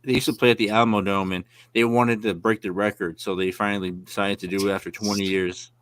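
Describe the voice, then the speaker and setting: A man's voice: on the low side, little pitch movement, fast, a bit bright, smooth, no room sound. A man co-hosting a wrestling podcast over a remote call, chatting casually and explaining details in a matter-of-fact way. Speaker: podcast co-host. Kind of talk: casual chat.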